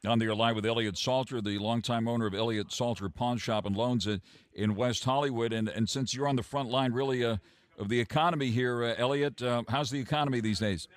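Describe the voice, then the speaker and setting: A man hosts a radio finance show from a dry, close studio. His voice sits at a middle pitch. He stumbles a little, doubling words and filling gaps with uh as he reads the numbers. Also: fairly even intonation, no room sound. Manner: halting, repeats words with frequent uh. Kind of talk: radio business talk and market report.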